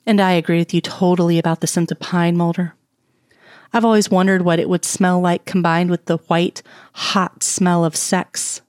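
A woman reading the lines of a composed, teasing adult woman in an audio story, in a soft, sultry voice. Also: on the low side, level tone, moderate pace, no echo, studio quality, lightly acted.

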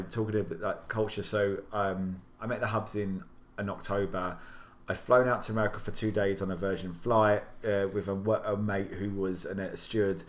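An English man co-hosting a podcast, telling rambling anecdotes in casual chat with lots of restarts. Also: fairly low pitch. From England. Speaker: podcast co-host.

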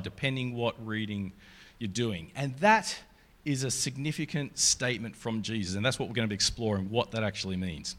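A man giving a sermon in a relaxed, conversational way, reading scripture aloud along the way. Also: fairly low pitch, brisk. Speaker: preacher.

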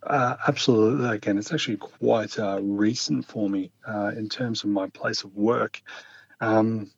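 Man, lowish pitch, calm earnest storyteller, dull lo-fi audio. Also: normal speed, gravelly, slightly rough, dry recording. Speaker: guest. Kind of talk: personal storytelling in a video interview.

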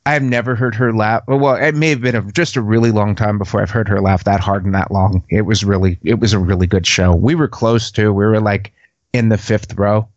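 A man's voice: fairly low pitch, steady tone, a little fast, no room sound, highs cut off. A man co-hosting a casual podcast, telling a story in a rambling way and laughing often. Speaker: podcast co-host.

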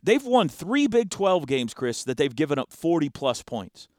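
Guy on a football podcast, bouncy lively voice, smooth and clear, dry close sound, keeps laughing and restarting. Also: on the high side, moderate pace, no room sound. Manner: animated, laughs often, restarts sentences. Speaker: sports talk host. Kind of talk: casual sports chat.

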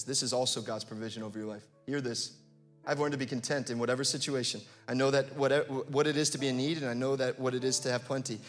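Impassioned preaching man, bright voice. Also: mid-range voice. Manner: preaching, rising to impassioned shouts. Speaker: pastor. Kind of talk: sermon.

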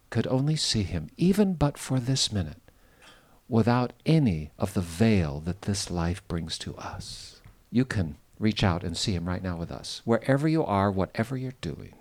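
Earnest preacher man with lively emphasis. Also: fairly low pitch. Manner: earnest, lively emphasis, drops to soft hushed tones. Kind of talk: outdoor devotional sermon and prayer. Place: on a boat on a lake, outdoors.

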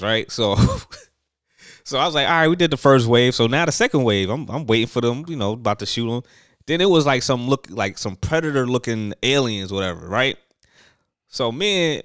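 A man's voice: mid-range voice, animated, normal speed, fairly bright tone, clear, resonant tone, no room sound, studio quality. A young man hosting a podcast, telling stories in casual chat, loose and full of slang and fillers. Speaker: podcast host.

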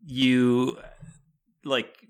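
A man in casual podcast chat, animated and laughing as he talks. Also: mid-range voice, very slow, smooth. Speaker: podcast guest or co-host.

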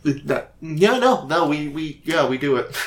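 A man's voice: a little high, a bit bright. A man co-hosting a podcast in casual chat, laughing often, swearing freely and telling stories with energy. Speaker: podcast co-host.

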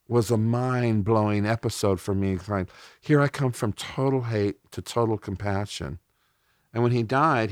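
This fairly low-pitched male voice belongs to a middle-aged man from Texas appearing as a podcast interview guest. He shares personal stories with candor, emotion, and blunt wording, and the clean studio sound has no echo.

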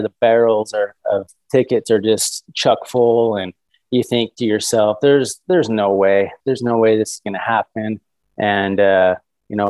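A man in his thirties telling a story as a podcast guest, eager and animated. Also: on the low side, dry recording, rough recording. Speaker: guest hunter.

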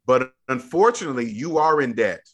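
A man's voice: medium pitch, expressive, a little fast, fairly bright tone. A man coaching a younger guest on money, emphatic and preachy, repeating his points in casual podcast chat. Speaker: debt-free money coach.

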